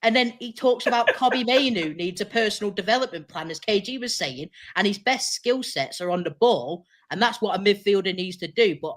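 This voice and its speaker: A woman's voice: mid-range voice, animated, brisk, few pauses. A woman speaking as a football pundit in a casual panel debate, exasperated and sarcastic.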